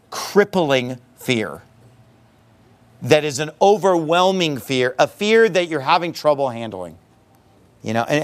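A man preaching a sermon, emphatic and leaning on rhetorical questions. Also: on the high side.

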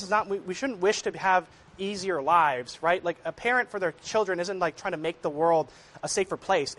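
A man's voice: sits high, a bit bright. A man giving a short, earnest sermon with a scripture reading, speaking loosely with fillers like "like" and "right". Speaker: lay preacher.

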